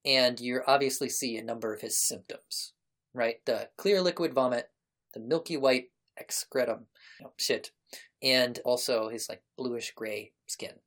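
A woman's voice: rumbling low, unhurried. Woman narrating as game master. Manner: descriptive, explanatory, leisurely.

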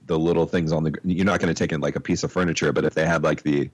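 A man's voice: very deep voice, steady tone, rapid-fire, poor audio. A man co-hosting a casual podcast over a remote call, laid-back and swearing freely. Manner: laid-back, swears and says bro a lot. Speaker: podcast co-host. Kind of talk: casual chat. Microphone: headphones on a remote call.

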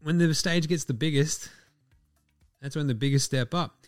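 A man's voice: on the high side, moderate pace, no echo, clean studio sound, soft background music. A man hosting a sports podcast, ranting bluntly and swearing freely. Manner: blunt, profane, opinionated. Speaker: podcast host. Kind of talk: casual sports podcast rant.

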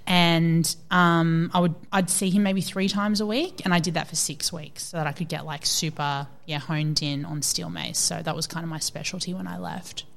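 With a lowish voice touched by vocal fry, an Australian fitness coach in her thirties recounts stories in a casual interview. She's animated and quick to quote what others said.

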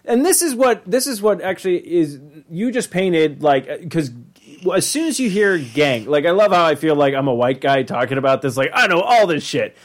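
A man with a fairly high, sing-song voice co-hosts a podcast, rambling casually, reacting with quick interjections and riffing along in chatty conversation.

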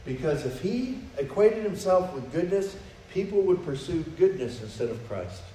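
A pastor with a high-side, sing-song, dark-toned voice preaches at normal speed, keeping the sermon conversational and acting out quoted prayers and dialogue. He's recorded from a distance in a church, with roomy echo and faint noise.

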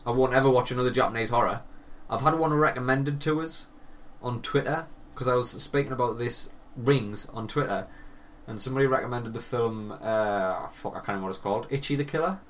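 A young man co-hosts a casual podcast chat, recounting stories with animation while laughing and swearing a lot. He talks fairly quickly in a mid-range voice. He's somewhat distant from the mic, and a faint hiss runs underneath.

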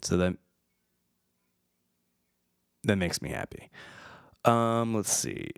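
Slow-talking, wry man reading trivia. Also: low-pitched, animated, gravelly, smooth, dry recording, clean studio sound. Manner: wry, chatty, stumbles over names. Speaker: podcast host. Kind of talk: casual commentary reading film trivia.

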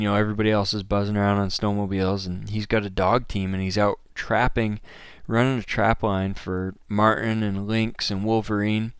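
A man's voice: on the low side, fairly bright tone, clean tone, dry recording, clean studio sound. A man from Maine hosting a podcast, talking in a casual, enthusiastic, conversational monologue. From Maine, USA. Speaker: podcast host.

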